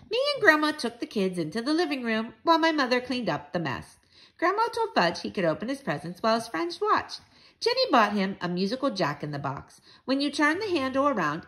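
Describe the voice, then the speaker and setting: A woman reading a children's book aloud in an expressive, sing-song way. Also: on the high side.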